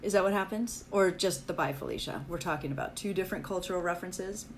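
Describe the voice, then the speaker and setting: A woman's voice: on the low side, quick pace, faint music behind. Chatty Valley-girl-style woman. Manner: self-deprecating, chatty and upbeat. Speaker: livestream host. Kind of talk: casual live chat with viewers.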